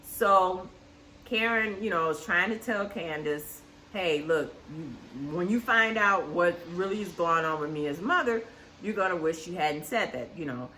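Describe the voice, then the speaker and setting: Blunt, animated woman with a bright voice. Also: lowish voice, normal speed, slight background noise. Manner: blunt and animated, swears freely. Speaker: show recap host. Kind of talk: casual reality TV recap commentary.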